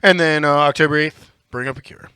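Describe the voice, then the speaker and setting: Bright-toned man bantering on a podcast. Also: on the high side, steady tone, a little fast, smooth, no room sound. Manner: playful, jokey, upbeat. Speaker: podcast co-host.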